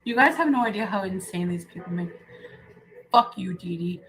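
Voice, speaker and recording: A woman's voice: medium pitch, moderate pace, fairly bright tone, slight background noise, poor audio. A woman on a livestream, ranting and hurling vulgar insults at the people she is feuding with. She fires out name-calling in bursts and keeps swearing at them. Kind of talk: profane insult rant.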